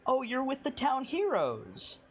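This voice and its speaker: A woman's voice: high voice, wildly swooping pitch, unhurried, breathy edge, voice pushed up, exaggerated voice. A man voicing a huge, middle-aged kitchen matron who is curt, blunt and fiercely protective of her kitchen in a tabletop game. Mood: sweetened. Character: huge stern woman who rules the kitchen.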